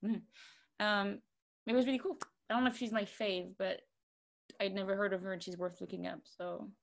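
A woman's voice: medium pitch, steady tone, normal speed, vocal fry. Chatty young woman from Luxembourg. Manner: chatty, loose, trailing fillers. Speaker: quiz round host. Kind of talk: casual online quiz chat.

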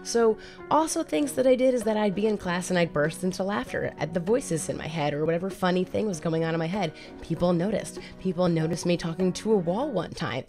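A woman's voice: medium pitch, darkish tone. A woman in her thirties, speaking as a mental health advocate and telling her personal story in a candid, conversational way that often repeats phrases.

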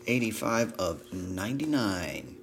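Hosting a live trading card break, a man chats and jokes with viewers while calling out cards in a casual box break conversation. His voice is on the low side and very animated, and he takes it slowly, while card wrappers crinkle loudly throughout.

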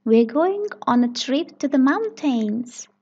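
A woman voicing a gentle female teacher gazelle, breathy and slow, on a dull lo-fi recording. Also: high voice, lively intonation, pitched above the performer's own voice, full character voice. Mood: patient.

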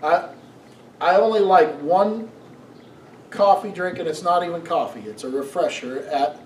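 Middle-aged pastor preaching in an echoey church. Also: male voice, sits high, unhurried, slight background noise. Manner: storytelling, animated, asks the congregation questions. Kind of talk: sermon. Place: church sanctuary. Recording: echoey room, mic from a distance.

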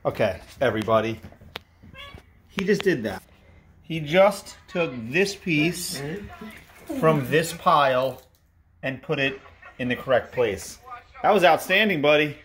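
A man hosting a family vlog at home, talking in an animated, encouraging way and praising his son. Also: medium pitch, unhurried, pauses often, slight background noise. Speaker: family vlog host and father. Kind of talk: casual family chat.

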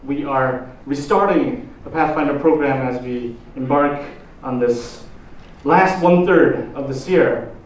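A pastor with a Korean accent giving a slow sermon, asking the congregation drawn-out questions. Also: male voice, mid-range voice. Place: church hall. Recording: roomy echo, distant mic, faint noise.

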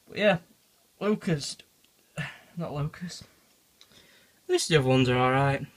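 A man's voice: mid-range voice, animated, unhurried, pauses often, no echo. A man filming a casual phone vlog about his insect collection, squeamish and swearing as he freaks out. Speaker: reptile keeper vlogger. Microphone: phone camera.

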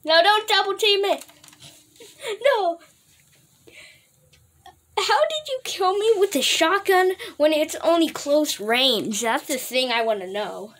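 A woman with a high voice gives excitable gameplay commentary, her pitch leaping up and down as she reacts. She draws her words out at an unhurried pace, laughs often and trash-talks her friends playfully. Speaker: gaming video host.

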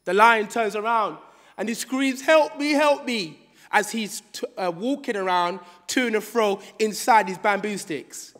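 A man preaching a sermon in a church, telling a children's story with animated call-and-response. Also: sits high, a little slow. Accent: British. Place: church hall. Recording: church hall reverb.

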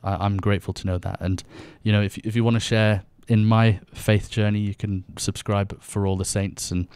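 British man, young, podcast guest; low voice, earnest, halting delivery, dry close sound. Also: flat delivery, a little mellow, smooth, no echo. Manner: earnest, with frequent restarts. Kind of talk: casual conversation about faith.

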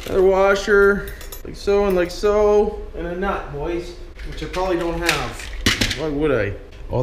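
A man's voice: a little high, a little hiss or hum. Cursing Canadian man in an echoey workshop. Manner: chatty, cursing, calls viewers 'boys'. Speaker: vlogger. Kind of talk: casual workshop vlog, talking to viewers.

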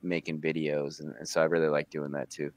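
A young American man with a very low voice talks through an interview in halting, stop-start sentences. The recording is dry and close, with no room sound. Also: flat delivery, no echo. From United States. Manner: hesitant, many restarts and fillers. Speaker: guest. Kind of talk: casual conversation.

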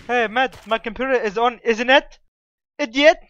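A man with a very high, smooth and slightly bright voice chats at a moderate pace in a game's voice channel. His English is broken, he tacks a stock phrase onto his sentences and exchanges playful insults, over slightly dull audio with faint noise.

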